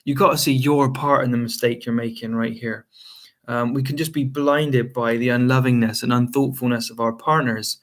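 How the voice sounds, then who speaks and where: A man's voice: mid-range voice, fairly even intonation, normal speed, a bit bright. A man giving marriage advice straight to camera in a casual, conversational way, with frequent ums and you-knows. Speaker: marriage coach. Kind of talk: direct-to-camera advice talk.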